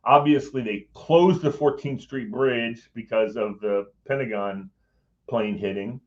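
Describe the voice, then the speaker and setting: With a mid-range voice and measured pace, heard over dull audio, a middle-aged man recounts a personal story as a guest in casual chat. He animatedly plays out the quoted voices and chuckles mid-sentence.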